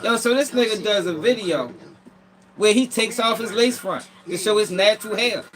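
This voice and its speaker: A man hosting a casual commentary show, profane and quick to laugh. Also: high-pitched, fairly bright tone, rough recording. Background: music.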